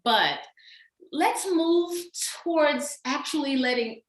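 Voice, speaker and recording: A woman's voice: high-pitched, roomy sound, poor audio. A woman from Texas with a Southern accent, an author talking about her book in a casual conversation. She speaks emphatically and laughs easily. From Texas, USA. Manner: lively, emphatic, quick to laugh.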